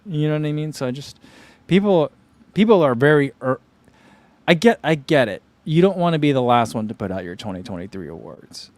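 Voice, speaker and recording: A man's voice: mid-range voice, expressive, fairly quick, darkish tone, no room sound. A man hosting a running channel, chatting casually on a livestream and answering viewer comments, rambling with lots of "like" and "you know.".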